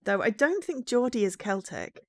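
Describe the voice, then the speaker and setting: Lively, chatty woman game streamer. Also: fairly high pitch, moderate pace. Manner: chatty and self-deprecating, full of fillers and laughs. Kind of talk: casual chat while streaming.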